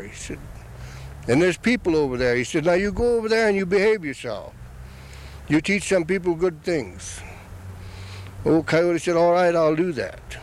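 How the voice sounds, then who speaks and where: An older man recounts a traditional tale at an easy pace, his voice sitting a little high for a man. He talks plainly and keeps tagging the quoted lines with "he said." Faint traffic hums somewhere behind him outdoors. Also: darkish tone, rough recording. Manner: unhurried, plain-spoken, repeats "he said" between quoted lines. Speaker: storyteller. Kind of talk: oral traditional storytelling.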